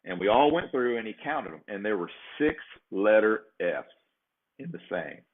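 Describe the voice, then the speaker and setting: A man's voice: fairly low pitch, sing-song, normal speed. A man hosting a show, telling a long casual story and often tagging "right?" onto his sentences. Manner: rambling, peppers sentences with "right?". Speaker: show host. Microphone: checks own sound setup. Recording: phone-like narrow sound.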